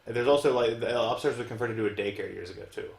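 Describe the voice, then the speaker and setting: A man's voice: medium pitch, fast, creaky. Profane, storytelling man. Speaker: podcast co-host. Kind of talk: casual chat. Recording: roomy echoey room.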